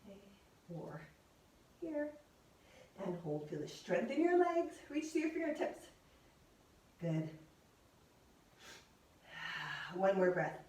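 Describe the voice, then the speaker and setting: A woman's voice: mid-range voice, sing-song, takes it slowly, pauses often, darkish tone. Woman workout instructor, encouraging coaching cues, recorded from a distance in a roomy space. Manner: encouraging cues, counting down, exertion whoops. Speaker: fitness instructor. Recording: echoey room, voice from a distance.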